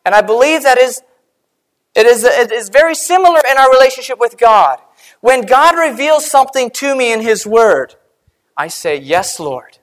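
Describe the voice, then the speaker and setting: A woman preaching a sermon, earnest and measured, slowing down and dropping quiet to stress a point. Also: sits high, expressive.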